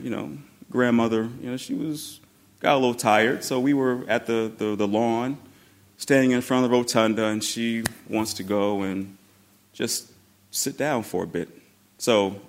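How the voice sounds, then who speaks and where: A man telling a personal story about his grandmother in an animated way, laughing and acting out the voices he quotes. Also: mid-range voice.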